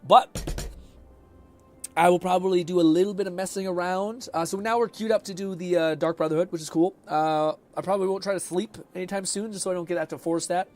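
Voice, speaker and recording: A hoarse man casually commenting on a game as he streams it, rambling, swearing freely and reading chat messages aloud. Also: sits high, steady tone, fairly quick, soft background music.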